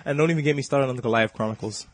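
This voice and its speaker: A man hosting a casual podcast, recapping a cartoon episode in a fast, profane, joking way. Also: medium pitch, slight background noise.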